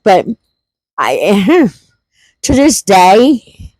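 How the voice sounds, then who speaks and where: A woman's voice: medium pitch, big pitch swings, extremely slow, darkish tone, dry recording. A woman telling a funny family story in a casual, laughing, folksy way. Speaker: homesteading vlogger.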